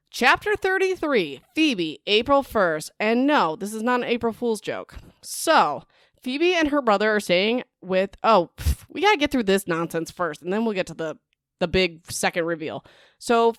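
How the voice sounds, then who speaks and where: A young woman hosting a book podcast, recapping chapters in a chatty, excitable way, full of "like" and "whatever" asides. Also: medium pitch, smooth, no echo, studio quality.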